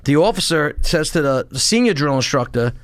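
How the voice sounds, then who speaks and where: A man's voice: on the high side, brisk, no echo. Profane storytelling man, dry close sound. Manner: profane, animated storytelling with acted-out shouts. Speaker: podcast guest, former Marine and police officer. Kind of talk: casual storytelling.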